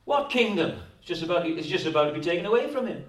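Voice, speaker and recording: A man's voice: sits high, lively intonation, fast. A man with a Welsh accent preaching a sermon as a pastor, pressing his points with repeated words and rhetorical tag questions. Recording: echoey hall, distant mic.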